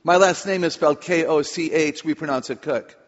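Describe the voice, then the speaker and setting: A woman's voice: sits low, brisk. A woman author giving a humorous talk to a live audience, chatty and playful. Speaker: author and speaker on children. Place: large hall with audience. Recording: echoey hall, dull lo-fi sound.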